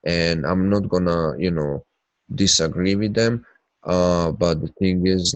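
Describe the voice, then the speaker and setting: During a live trading webinar, a man with a low, nasal voice, congested from his sinuses, discusses charts and chats at a measured pace. He speaks loosely, with plenty of fillers, and stops to greet viewers by name. The audio is dry and close-miked, with no room sound.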